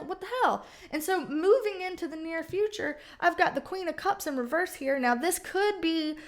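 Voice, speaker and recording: A woman giving a casual tarot reading, talking bluntly and chattily, with plenty of swearing. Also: high voice. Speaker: tarot reader.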